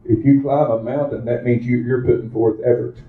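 A man's voice: mid-range voice, fairly even intonation, a little fast. A man preaching a sermon, telling a folksy story that builds to fervent exclamations. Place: church. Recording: roomy, dull lo-fi church recording.

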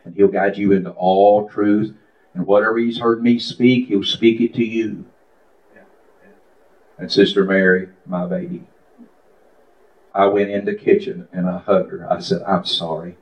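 A man's voice: lowish voice, fairly even intonation, a little slow, pauses often, a little mellow. A man preaching a sermon in a fervent, confessional way, calling out to members of his congregation. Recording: echoey, dull lo-fi room recording.

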